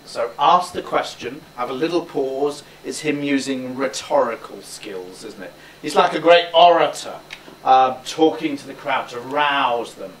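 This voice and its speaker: A male drama teacher coaching a student through a speech, encouraging him and demonstrating lines aloud. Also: medium pitch. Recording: roomy, distant mic, faint background noise.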